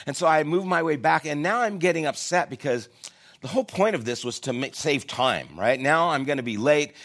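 A man's voice: fairly high pitch, expressive, a little fast, fairly bright tone. A man preaching a sermon as a pastor, telling a personal story in a casual, conversational and self-deprecating way. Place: church.

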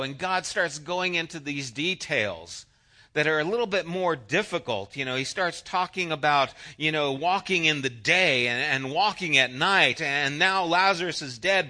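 Bright-voiced man preaching a sermon. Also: on the high side, moderate pace. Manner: conversational, anecdotal preaching with voiced asides. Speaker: pastor.

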